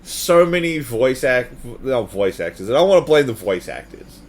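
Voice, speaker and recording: A man's voice: medium pitch, very animated, moderate pace. A man co-hosting a podcast, talking in an emphatic, opinionated way during casual chat. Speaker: podcast co-host.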